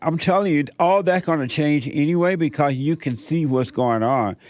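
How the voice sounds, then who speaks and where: A man's voice: on the high side, moderate pace. A middle-aged man hosting a call-in show, giving firm spiritual advice in short repeated commands. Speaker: radio call-in host giving life advice.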